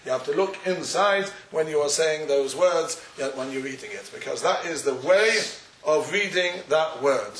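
A man's voice: a little high, lively intonation, moderate pace, a bit bright. A man giving a Talmudic lecture, posing questions and answering them in a study-hall cadence. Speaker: Torah teacher. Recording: echoey room, far from the mic.

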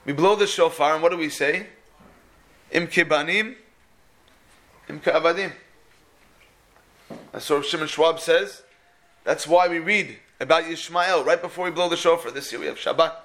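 A man giving a sermon, telling stories with lively energy and acting out the people in them. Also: a little high, a little fast. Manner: animated storyteller who acts out the people in his stories. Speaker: speaker giving a religious talk. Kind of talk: sermon with storytelling.

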